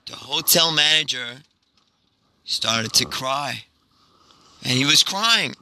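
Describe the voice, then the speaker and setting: A rabbi telling an inspirational story in an animated way, with a lot of repetition. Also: male voice, medium pitch, slow pace, a little hiss or hum, low-quality recording.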